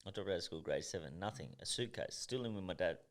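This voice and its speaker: A man's voice: low voice, expressive, fast. An Australian man in his thirties, a professional boxer and podcast guest, telling stories in a blunt, intense and heavily profane way. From Tasmania, Australia. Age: 30s. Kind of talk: casual podcast storytelling.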